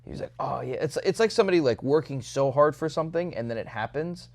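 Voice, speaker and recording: Animated young man reviewing a film. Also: a little high, fast talker. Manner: animated, jokey retelling with acted quotes. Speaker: podcast co-host. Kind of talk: casual movie review chat.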